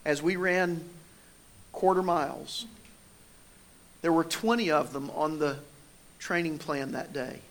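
A pastor with a slightly higher-pitched voice preaches a sermon. He moves between easy, conversational storytelling and more pointed emphasis on his main points. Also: slow pace, pauses often.

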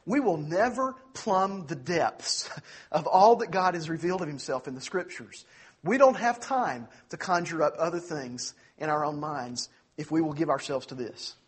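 A man with a slightly raised, husky voice preaching in earnest. He leans hard on key phrases, drawing them out slowly. He then rushes through quick asides. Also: a little high, animated. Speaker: pastor. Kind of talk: sermon.

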